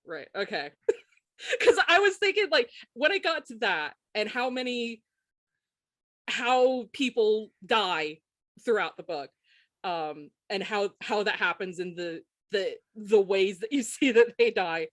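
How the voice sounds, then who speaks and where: A woman's voice: mid-range voice, no room sound. A woman co-hosting a podcast, chatting casually and laughing often. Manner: laughs often, quick when excited. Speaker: podcast co-host.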